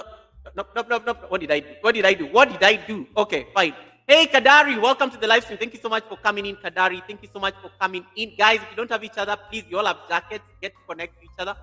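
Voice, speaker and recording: A man's voice: sits high, sharp tone. A man hosting a livestream in casual chat, laughing a lot and greeting viewers by name. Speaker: livestream host.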